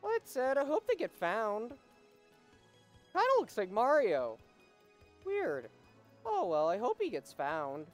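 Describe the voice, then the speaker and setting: A woman's voice: on the high side, wildly swooping pitch, slow, long pauses, soft background music. A woman hosting a let's play, chatting casually and reading game text aloud.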